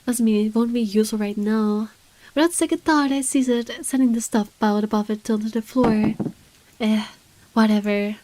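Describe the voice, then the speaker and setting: A woman's voice: a little high, moderate pace, warm tone, no echo, lightly acted. A woman reading a visual novel aloud as an irritable wealthy man with guards, in dry, sardonic first-person narration. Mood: irritated.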